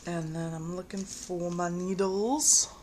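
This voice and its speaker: A woman's voice: lowish voice, fairly even intonation, slow, a little mellow, a little hiss or hum. A woman hosting a casual sewing livestream from home, chatting and reading viewer comments while she stitches. She is easily distracted and laughs at herself. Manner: reads viewer comments aloud. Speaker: quilting livestream host.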